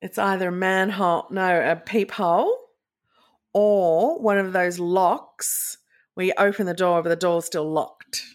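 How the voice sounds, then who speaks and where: A woman's voice: fairly low pitch, steady tone, unhurried. A woman co-hosting a podcast, bantering in a playful, jokey way. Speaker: podcast co-host. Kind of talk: casual podcast chat.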